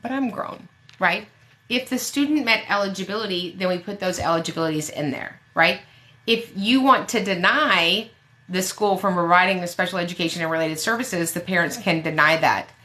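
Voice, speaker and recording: Brief: lower-pitched woman advocate, punchy and bright-toned, blunt and sassy when giving advice. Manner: emphatic, blunt and sassy, with quick jokes. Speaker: special education advocate. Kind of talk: fiery advice on a live Q&A show.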